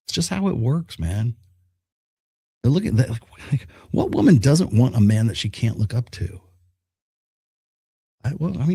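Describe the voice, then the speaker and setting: A man's voice: mid-range voice, very animated, moderate pace, long pauses, warm tone, slightly rough, no echo, clean studio sound. A middle-aged man hosting a podcast, delivering a blunt, profane monologue full of rhetorical questions and restarts. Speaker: podcast host.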